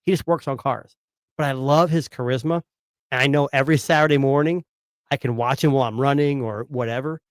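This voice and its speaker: A man's voice: medium pitch, a little fast, dry recording, clean studio sound. A man in his thirties, a father of three, rambling casually about buying phones, with lots of fillers. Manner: rambling, filler-heavy storytelling. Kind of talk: casual tech chat.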